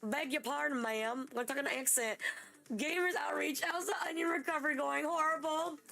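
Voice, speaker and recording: A young woman hosting a live game stream, chatting excitably and gushing thanks to her viewers. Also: high-pitched, moderate pace, creaky, soft background music. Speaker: livestream host. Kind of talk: casual live-stream chat.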